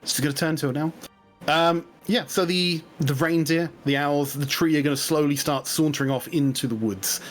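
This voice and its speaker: A man running a tabletop game as game master, narrating in a relaxed, chuckling way. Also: fairly high pitch, moderate pace, soft background music.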